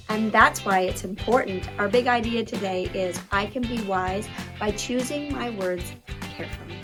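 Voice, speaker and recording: A woman giving a scripted Bible lesson to children in an animated, expressive way. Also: a little high, moderate pace, music in the background. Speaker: children's ministry teacher.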